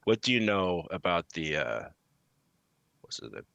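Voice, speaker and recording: Low-voiced man with a bright edge, hesitant tabletop player, dry close sound. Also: big pitch swings, unhurried, creaky, no echo, highs cut off. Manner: hesitant, with many restarts. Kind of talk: tabletop game play.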